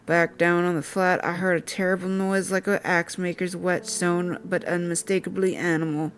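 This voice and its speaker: A woman's voice: fairly low pitch, flat delivery, normal speed, a little hiss or hum, natural voice. A woman voicing a shaken, rugged man who writes a letter, in a put-on country accent. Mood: uneasy.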